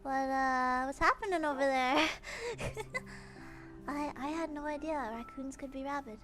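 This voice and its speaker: High bright playful woman streamer. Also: slow, faint music behind. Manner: playful, exaggerated, repeats phrases. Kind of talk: casual game livestream chatter.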